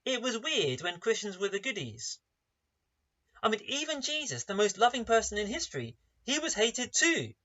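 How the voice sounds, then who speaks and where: Animated preacher, bright voice. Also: male voice, sits high, normal speed. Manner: emphatic, asks many rhetorical questions. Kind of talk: sermon. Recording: dull lo-fi online service recording.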